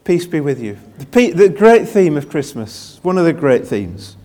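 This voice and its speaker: A man's voice: on the high side, sing-song, moderate pace, mellow. An older man, a pastor, giving a chatty, self-deprecating Christmas sermon and drawing answers from his congregation. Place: church with live congregation.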